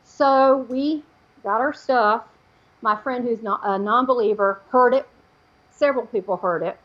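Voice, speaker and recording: Her voice a little high and her pace unhurried, a psychic medium shares a personal story as an interview show guest. She is animated and imitates the voices she quotes. The audio has its highs cut off.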